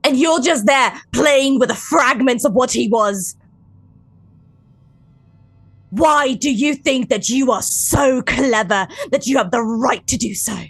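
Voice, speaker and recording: A woman's voice: high-pitched, a little slow, hardly any pauses, fairly bright tone, breathy edge, dry recording, exaggerated voice. A woman voicing a grieving, furious woman who hurls bitter, mocking accusations in a tabletop role-play. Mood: grieving anger.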